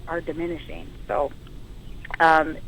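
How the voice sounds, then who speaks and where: A woman's voice: low voice, measured pace, slight background noise, poor audio. Storytelling woman paramedic on web radio. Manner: storytelling, emotional, animated quotes. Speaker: guest firefighter paramedic. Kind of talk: radio interview.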